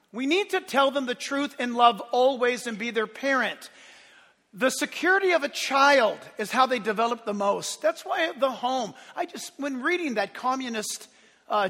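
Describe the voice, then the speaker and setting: A man's voice: very high voice, pushed and bright, big-room sound. A middle-aged man preaching a sermon as pastor in a church sanctuary, impassioned and emphatic.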